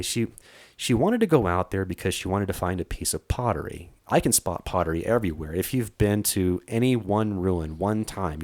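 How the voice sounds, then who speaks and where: Deep-voiced man telling a wild story. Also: no room sound, clean studio sound. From Arizona. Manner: animated, acts out quoted dialogue, frequent fillers. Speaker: treasure hunter guest. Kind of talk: casual storytelling.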